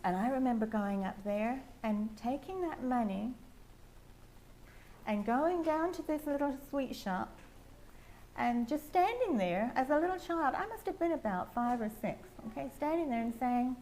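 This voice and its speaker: An older woman with an English accent, sharing a meandering personal testimony with soft laughs. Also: high-pitched, animated, moderate pace, slight background noise. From England. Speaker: testimony speaker at a prayer house.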